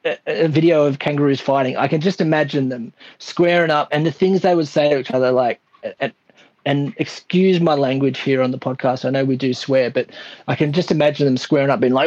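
A man's voice: mid-range voice, fairly even intonation, fairly quick, a little mellow, no echo, lo-fi sound. A man with an Australian accent, a podcast guest chatting casually, laid-back and swearing freely. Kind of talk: casual chat.

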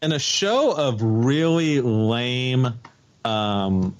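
A man co-hosting a comedy podcast, speaking wryly in halting, restarting sentences. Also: mid-range voice, expressive. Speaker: podcast co-host. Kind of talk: comedic casual chat.

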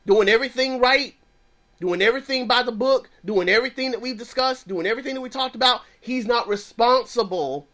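A man's voice: very high voice, a little fast, sharp tone. A man who counsels clients, teaching in an emphatic preaching style with a repetitive cadence.

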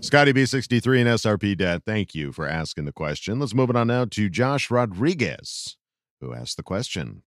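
A man hosting a casual sports podcast, reading out listener questions in an animated, joking way. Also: lowish voice, normal speed, dry recording, clean studio sound. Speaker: podcast host.

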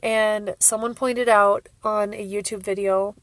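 Woman, solo podcast host, tearful and gushing, slow unhurried pace, dry close sound. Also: medium pitch, level tone, no echo. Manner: emotional, laughing and tearful, gushing. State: crying. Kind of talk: casual solo fan podcast.

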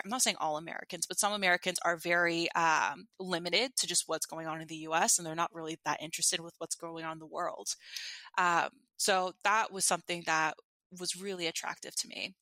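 A woman's voice: fairly low pitch, bright, forceful tone, dry recording. A young woman telling a personal dating story in a casual chat, full of fillers like "like" and "you know.". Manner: chatty, uses many fillers like "like" and "you know". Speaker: guest.

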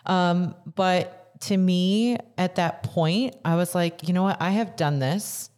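A woman's voice: lowish voice, slow pace, darkish tone. A young adult woman, a guest on a podcast, speaking earnestly and often repeating words for emphasis. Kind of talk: casual podcast interview.

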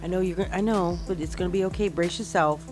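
A relaxed woman co-hosting a talk show, chatty and teasing. Music plays behind her. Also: lowish voice, fast. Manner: laid-back, chatty, teasing. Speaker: co-host. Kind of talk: casual radio show chat.

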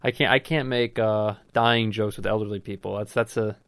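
A man's voice: on the low side, fairly even intonation, moderate pace, a bit bright, no echo. Rambling young man, dry close sound. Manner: rambling, joking, swears freely, many restarts. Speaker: host. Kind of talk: casual chat.

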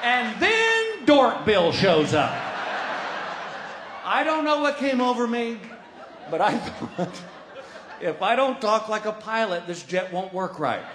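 Male comic, high swooping voice, roomy live room with crowd noise, middle-aged, animated shouting storyteller. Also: takes it slowly, pauses often. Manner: animated, breaks into shouts and laughs at his own story. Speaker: stand-up comedian. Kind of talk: stand-up storytelling.

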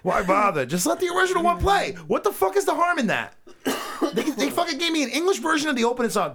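A man's voice: high voice, very animated, quick pace, a crowd in the background. A man co-hosting a casual podcast chat, profane and ranting, who sometimes hums and sings along. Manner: profane, ranting, breaks into humming and singing. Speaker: podcast co-host.

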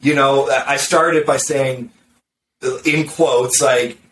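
A man's voice: mid-range voice, fairly even intonation, a bit bright. Blunt, sarcastic man on a distant mic. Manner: blunt, sarcastic, quick with restarts and repeated words. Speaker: marketer discussing content strategy. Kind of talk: casual podcast conversation. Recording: roomy, distant mic with faint background noise.

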